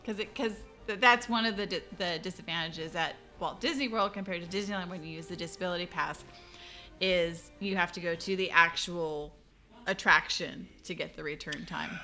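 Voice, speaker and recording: Host type: bright, chatty woman, laughs easily, faint music underneath. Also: fairly low pitch, moderate pace. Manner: chatty storyteller, laughs often. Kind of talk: casual chat.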